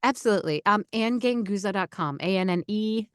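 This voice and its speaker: A middle-aged woman talks shop as an interview guest, chatty and energetic, stumbling into restarts and fillers. Her voice sits at a middling pitch. The recording is close and dry. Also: fairly quick, clear, resonant tone, no echo. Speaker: voice actor and coach, guest. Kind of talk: casual interview talk.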